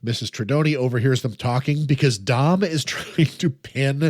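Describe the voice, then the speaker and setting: Male podcast co-host, easygoing, laughs a lot, average pitch, dry close sound. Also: normal speed, no room sound. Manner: laughs often, recaps plot in a relaxed way. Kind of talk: casual chat recapping a film.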